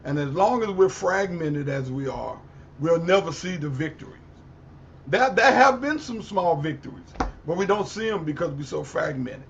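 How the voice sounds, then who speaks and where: A man, a pastor, speaking on a community panel in a deliberate way, searching for his words as he goes. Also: fairly high pitch, expressive, creaky. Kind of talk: panel discussion. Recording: muffled audio with faint background noise.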